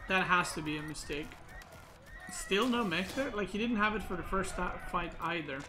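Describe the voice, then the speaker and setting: A man giving casual commentary on a recorded match, thinking out loud with lots of "like" and "right?" fillers. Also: sits high, lively intonation, moderate pace, background noise. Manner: thinks aloud, filler-heavy, says "like" and "right?" a lot. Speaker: game analysis host.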